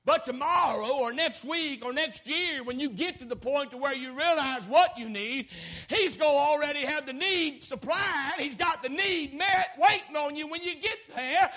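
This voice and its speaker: A man preaching a fervent sermon, swinging from shouted lines down to low, quiet ones. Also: normal speed.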